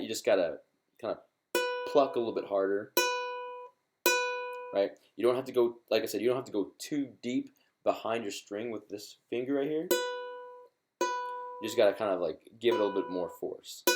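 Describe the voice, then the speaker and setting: A man teaching ukulele in a live-streamed lesson. He is encouraging and chatty, with many fillers and restarts. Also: on the low side.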